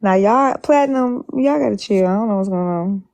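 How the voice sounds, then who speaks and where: A woman's voice: mid-range voice, a little fast, vocal fry, a little mellow. A woman hosting a casual live stream, chatting in a rambling, laid-back way. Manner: chatty, rambling, with frequent laughs.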